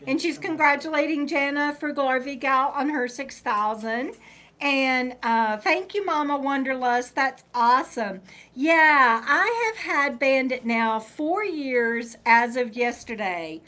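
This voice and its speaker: Woman, middle-aged, fairly high voice, casual live-stream chat, rambling, talks to her dog. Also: lively intonation, takes it slowly, bright, forceful tone. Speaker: vlogger reading live chat.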